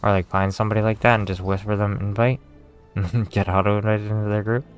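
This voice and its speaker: A man's voice: lowish voice, level tone, fast, faint music behind. A young Canadian man chatting casually while streaming a game, rambling and swearing, laughing at himself. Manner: rambling, profane, self-mocking.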